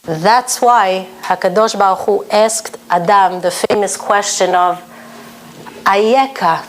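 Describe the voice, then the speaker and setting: A woman's voice: medium pitch, slow, a little hiss or hum. A woman teaching a Torah lesson for women, earnest and emphatic, her talk full of Hebrew terms.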